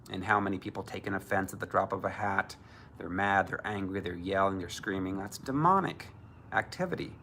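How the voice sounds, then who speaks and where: Low gravelly guy preaching, emphatic, bit of background hum. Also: a bit bright. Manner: emphatic, mocks others in put-on voices. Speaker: Christian minister. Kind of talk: preaching to camera.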